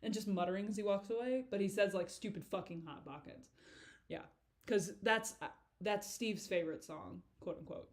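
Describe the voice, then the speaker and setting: A woman's voice: medium pitch, fairly quick, few pauses. A woman giving a casual director's commentary on her own video, rambling, giggling and swearing freely.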